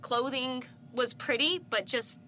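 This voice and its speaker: A young woman reviews a film in casual chat, animated and opinionated, her voice climbing high when she gets indignant. Her tone is bright and forceful and sits a little high. A faint hum runs underneath. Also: a little slow. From Italian family background.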